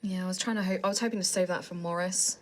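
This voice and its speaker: A woman's voice: fairly low pitch, steady tone, rapid-fire. A woman player in a tabletop game, asking rules questions and thinking aloud about her moves.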